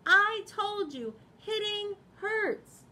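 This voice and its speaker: A woman voicing a little boy pig in a picture book read-aloud, scolding slowly and emphatically. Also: high-pitched, very animated, darkish tone, voice pushed up, heavily acted. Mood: shouting.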